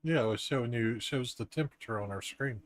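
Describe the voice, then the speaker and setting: A man, the host's partner, chiming in from off camera with casual, teasing, low-key remarks. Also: fast. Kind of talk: casual banter.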